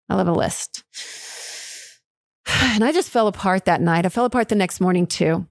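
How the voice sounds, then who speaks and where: A woman's voice: mid-range voice, moderate pace, vocal fry, long pauses, dry recording. A woman hosting her own podcast, telling a personal story in a candid, emotional way, swearing casually and laughing often. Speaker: podcast host.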